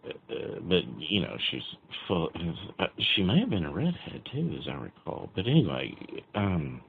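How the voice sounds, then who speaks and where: A man with a very low voice rambles through a dream he just had, chuckling and filling gaps with "uh" and "you know." His voice has a gravelly fry. The recording is thin and phone-like. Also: huge pitch swings, normal speed. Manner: rambling, chuckling, many fillers. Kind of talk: casual retelling of a dream. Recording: tinny phone-like recording with faint noise.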